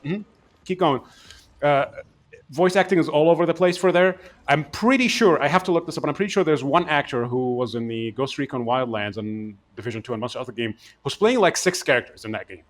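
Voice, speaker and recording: Fast-talking man reviewing a game. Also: medium pitch. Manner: animated, rambling, many restarts. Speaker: game podcast co-host. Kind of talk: casual chat, game review discussion.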